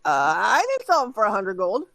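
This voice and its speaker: A woman's voice: mid-range voice, huge pitch swings, fairly quick, gravelly, background noise. A woman voicing a shifty male bandit underling who stalls and hedges his answers in a tabletop game. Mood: evasive. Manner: hesitant, evasive.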